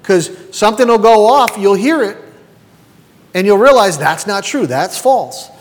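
A man in his fifties delivers a sermon in a fairly high voice, pressing the congregation with rhetorical questions. His voice rings out with a long reverb, as in a large church hall. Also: expressive, a little slow. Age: 50s. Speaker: pastor.

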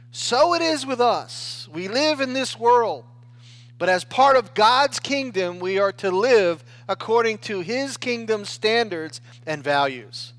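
This is a US pastor preaching in a conversational style, frequently checking in with his listeners and restarting phrases. His voice is high and a bit bright.

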